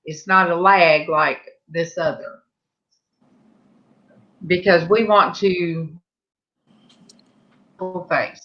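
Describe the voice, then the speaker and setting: A woman hosting a live stream, chatting casually with viewers in a slow, rambling way. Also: on the low side, fairly even intonation, a bit bright. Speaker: livestream host. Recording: muffled lo-fi audio.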